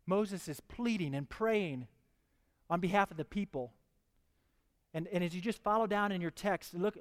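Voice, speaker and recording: A man's voice: sits high, long reverb tail. A man preaching a sermon, reading scripture aloud and pressing his listeners with questions. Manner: reads scripture, then preaches with rising fervor.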